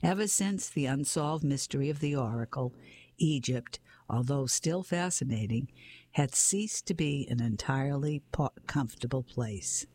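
Husky man reading a mystery story. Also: medium pitch, normal speed. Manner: steady storytelling, sometimes rereading a phrase. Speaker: narrator. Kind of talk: reading a children's mystery aloud.

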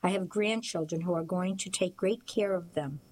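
A woman reading as a gruff, menacing old man. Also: fairly low pitch, moderate pace, darkish tone, a little hiss or hum, lightly acted, rough recording. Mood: coaxing. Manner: read aloud, lightly voiced.

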